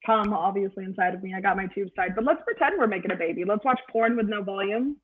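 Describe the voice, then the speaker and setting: A woman's voice: medium pitch, fast, slightly rough. A middle-aged woman doing a stand-up comedy set over a video call, with a crude, offhand delivery. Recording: tinny phone-like video call audio.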